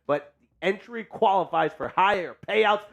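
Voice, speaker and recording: A man hosting a casual live sports chat stream, hyped and joking as he shouts out viewers. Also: sits high, measured pace, gravelly. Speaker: sports show host.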